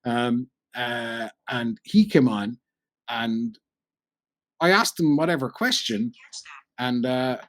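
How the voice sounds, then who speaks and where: A middle-aged man with a Cork Irish accent, a radio broadcaster telling animated anecdotes in a casual chat and acting out the voices he quotes. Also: mid-range voice, takes it slowly, long pauses. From Ireland. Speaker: podcast guest, radio broadcaster.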